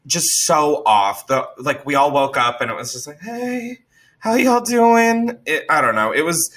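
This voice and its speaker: A man telling a wild work story in casual chat, animated and full of swearing, breaking into loud shouted impressions. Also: mid-range voice, normal speed.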